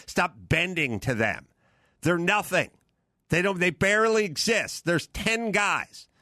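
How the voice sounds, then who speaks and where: A man hosting a podcast, delivering a heated, profane rant with emphatic repetition and bursts of shouting. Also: high voice, animated, measured pace, no echo, studio quality. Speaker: podcast host.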